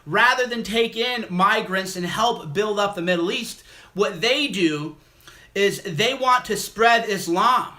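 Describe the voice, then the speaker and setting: Male call-in host, high-pitched, sharp and tense, insulting and repetitive. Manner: aggressive, mocking and insulting; repetitive, emphatic delivery. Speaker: livestream host. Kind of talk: call-in livestream rant.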